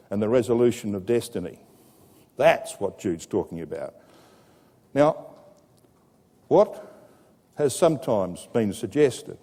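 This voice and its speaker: A man preaching a sermon to a congregation, telling a scripture story with dramatic rises and a lively, animated delivery. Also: medium pitch. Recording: echoey hall with long reverb.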